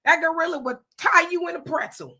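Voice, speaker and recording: Bright casual woman livestream host. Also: very high-pitched, fairly quick. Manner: laughing, playful, reads viewer comments aloud. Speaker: livestream co-host reading chat. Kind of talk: casual chat.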